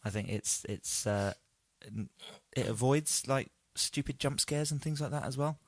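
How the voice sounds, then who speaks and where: A man's voice: medium pitch, unhurried, no echo, studio quality. A man co-hosting a podcast, chatting casually and rambling, with frequent swearing. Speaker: podcast co-host. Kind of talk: casual chat.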